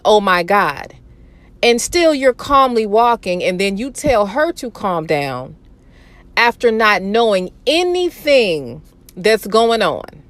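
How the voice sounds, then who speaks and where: A woman giving sarcastic, incredulous reaction commentary on an interview clip, swearing freely. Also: medium pitch.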